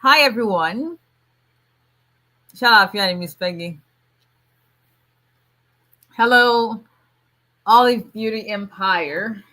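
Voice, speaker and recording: A middle-aged woman hosts a casual livestream, greeting viewers warmly by name and chatting with frequent restarts and fillers. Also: medium pitch, slow, pauses often. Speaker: immigration attorney hosting a livestream.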